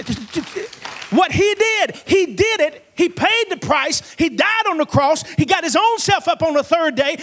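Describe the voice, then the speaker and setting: A man with a strikingly high voice preaches a revival sermon in a church. He is fervent, calls on the congregation to answer back, and often climbs into shouts. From Cincinnati area. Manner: fervent, call-and-response preaching, rising to shouts. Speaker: evangelist preacher. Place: church sanctuary.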